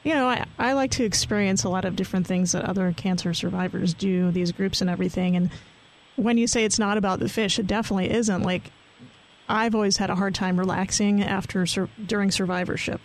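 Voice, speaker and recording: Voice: medium pitch, fairly even intonation, a little fast, poor audio. A cancer survivor chatting casually about a fishing retreat, with frequent fillers. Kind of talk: casual chat.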